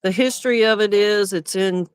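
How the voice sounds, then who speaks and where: A woman's voice: mid-range voice, normal speed, clean tone, dry recording. A middle-aged woman chatting on a livestream while she packs for a market. She talks in a loose, rambling way, sometimes with her mouth full. The sound is dry and close, with little room in it. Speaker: craft vendor and livestream co-host. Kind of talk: casual chat.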